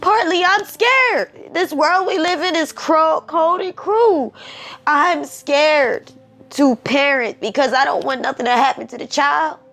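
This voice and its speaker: Woman, emotional commentary, preachy, repetitive, drawn-out delivery, high-ish voice. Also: gravelly, a bit bright, soft background music. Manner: emotional, preachy, repeats herself. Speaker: commentary vlogger.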